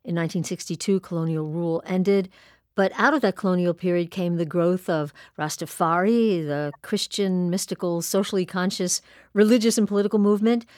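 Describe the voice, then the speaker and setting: A woman hosting a radio interview, speaking clearly in a conversational, measured way. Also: lowish voice, darkish tone, dry recording, studio quality. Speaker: radio host.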